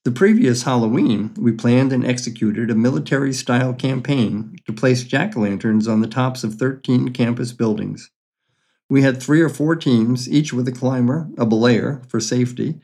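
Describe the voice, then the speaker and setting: A man's voice: mid-range voice, normal speed, vocal fry, mellow, husky. An older man reading his own memoir stories aloud in a dry, matter-of-fact, wry way. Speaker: memoir storyteller.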